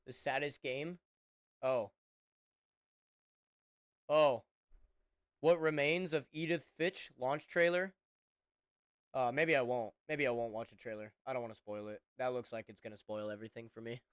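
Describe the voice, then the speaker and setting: A man's voice: medium pitch, steady tone, moderate pace, long pauses, clean tone, no echo, studio quality. A young man streaming, chatting casually and profanely, rambling and laughing often.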